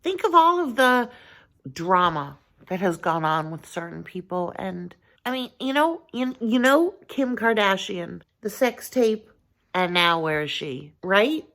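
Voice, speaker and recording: A woman's voice: mid-range voice, very animated, measured pace, a bit bright. A woman vlogger talking casually to her viewers, earnest and rambling, thinking aloud with frequent restarts and filler phrases. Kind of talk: casual talk to camera.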